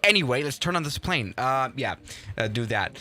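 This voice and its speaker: On a live stream, a man plays a flight simulator and talks in a relaxed way, getting excited and frequently stumbling before starting sentences over. He speaks at a medium pitch and moderate pace over soft background music.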